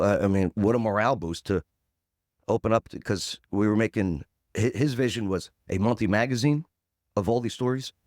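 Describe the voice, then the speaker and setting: Recorded in studio quality with no room sound, a man in his forties appears as a podcast guest. He delivers a punchy story, mimicking others' voices and peppering it with "boom."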